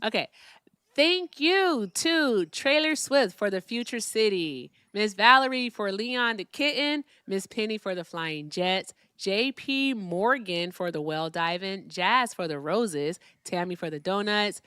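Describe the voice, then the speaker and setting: A woman's voice: medium pitch, animated, a little slow, pushed and bright, clear, resonant tone, no room sound, studio quality. A woman from Virginia with a Midwestern accent hosting a casual livestream, chatting and thanking viewers for their gifts. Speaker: livestream host.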